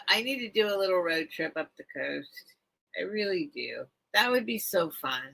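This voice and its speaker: Slow, animated, gravelly-voiced woman. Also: on the high side, poor audio. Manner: rambling and chatty, reading chat aloud. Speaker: host of a live vintage sale stream. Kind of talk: casual late-night livestream chat.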